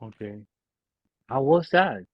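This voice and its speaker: A man's voice: medium pitch, lively intonation, slow pace, no echo, highs cut off. A man with an Argentine accent, speaking English as a second language, hosting a casual podcast interview and often restarting his sentences as he searches for words. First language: Spanish. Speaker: podcast host.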